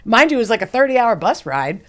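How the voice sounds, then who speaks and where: A woman guest on a podcast, telling her story in casual chat, animated and profane, laughing often and acting out what people said. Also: fairly high pitch, fast talker.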